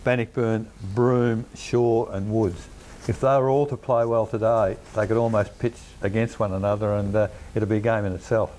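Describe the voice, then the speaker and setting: An Australian man on a football panel show, measured and analytical. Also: on the low side, level tone, a little mellow, a little hiss or hum. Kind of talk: sports panel commentary.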